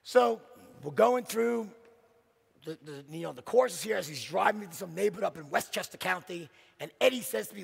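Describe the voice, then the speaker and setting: A middle-aged man giving a motivational sales keynote, telling a story in an animated, punchy way and checking in with the audience with "right?". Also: high-pitched, moderate pace, creaky. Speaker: keynote speaker. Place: large conference hall. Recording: long hall reverb from stage.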